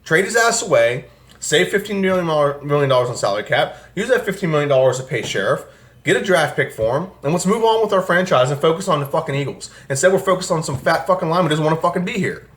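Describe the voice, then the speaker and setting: A young man rants at length about his football team, swearing often and sounding exasperated. His voice sits a little high for a man. He talks as a fan channel host from a room at home. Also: expressive, quick pace, a bit bright. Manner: angry, profane, exasperated ranting. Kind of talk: ranting sports commentary vlog. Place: home room with air conditioner.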